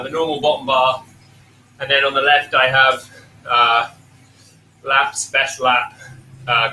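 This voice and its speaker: Hesitant ride leader, roomy distant mic. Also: male voice, medium pitch, bright, forceful tone, a little hiss or hum. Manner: matter-of-fact, hesitant with many fillers. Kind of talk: casual explanation.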